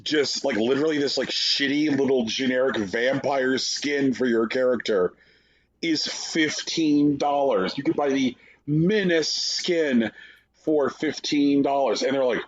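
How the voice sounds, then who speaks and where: A man co-hosting a podcast, talking casually and profanely, sarcastic and mocking, slipping into animated impressions. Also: medium pitch, unhurried, highs cut off. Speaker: podcast co-host.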